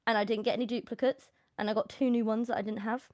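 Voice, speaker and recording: A young woman, a teacher, telling animated stories on a live stream and laughing often. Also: a little high, fast, no echo, clean studio sound. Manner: animated storyteller, laughs often, acts out quotes. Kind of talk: casual chat on a live stream.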